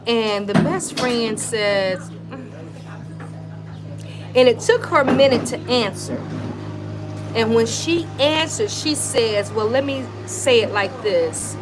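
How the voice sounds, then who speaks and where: A woman's voice: a little high, animated, takes it slowly, long pauses, over music. A woman vlogger chatting casually on a live stream, talking straight to her viewers in an emphatic, conversational way. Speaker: wellness vlogger.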